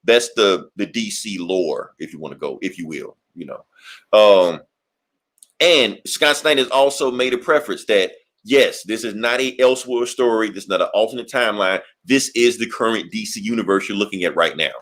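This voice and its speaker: A man's voice: fairly low pitch, moderate pace, fairly bright tone. A man co-hosting a podcast, recapping a comic in rambling, profane casual chat. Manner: rambling, profane, laughs often. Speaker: podcast co-host.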